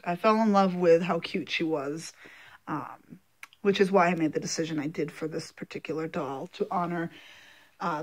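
Woman, casual unboxing vlog, gentle, hesitant fillers, emotional, close to tears. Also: fairly low pitch. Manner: gentle, halting, with many fillers. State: emotional, holding back tears. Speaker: doll collector vlogger.

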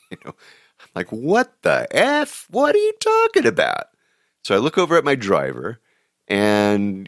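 Low-voiced man telling chatty travel stories. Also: no echo, studio quality. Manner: chatty, laughs at his own stories, many fillers. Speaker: travel show host. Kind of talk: casual anecdotal storytelling.

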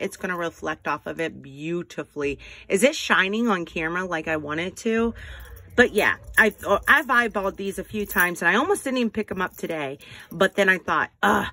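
A woman, chatting casually in a haul video, gushing and folksy and quick to poke fun at herself. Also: on the low side, no echo. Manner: gushing, folksy, excitable, self-deprecating. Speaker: haul vlogger.

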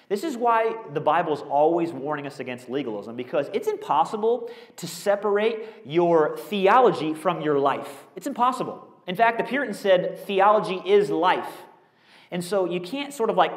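An animated pastor, a man delivers a conversational sermon, piling up rhetorical questions as he goes. His voice sits on the higher side for a man. The sound rings around a large auditorium. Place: school auditorium used as a church. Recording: echoey auditorium.

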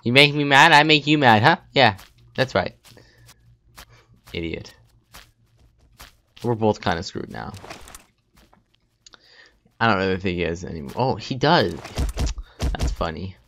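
A man's voice: lowish voice, lively intonation, unhurried, pauses often, sharp tone. A young man giving casual gameplay commentary, taunting other players and laughing often. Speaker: gaming YouTuber. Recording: faint game noise behind.

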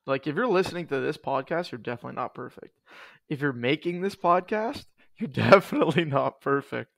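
A man's voice: a little high, expressive, fairly quick, creaky, fairly bright tone. A young man co-hosting a podcast in casual chat, laid-back and joking, with slangy asides. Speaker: podcast co-host.

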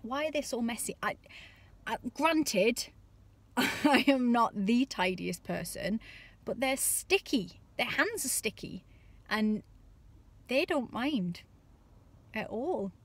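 Chatty mum vlogging, dry sound. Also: female voice, on the high side, lively intonation, slow, pauses often, no room sound. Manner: chatty, exasperated, acts out voices. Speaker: parenting vlogger. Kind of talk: casual comic monologue to camera.

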